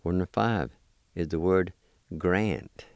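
A man teaching vocabulary, patiently spelling each word letter by letter and repeating it slowly. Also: low-pitched, a little mellow, smooth, no room sound. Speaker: language teacher. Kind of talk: slow spelling and pronunciation lesson.

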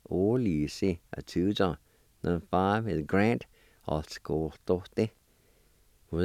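A man teaching vocabulary, patiently spelling each word letter by letter and repeating it slowly. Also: deep voice, warm tone, dry recording, studio quality. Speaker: language teacher. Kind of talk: slow spelling and pronunciation lesson.

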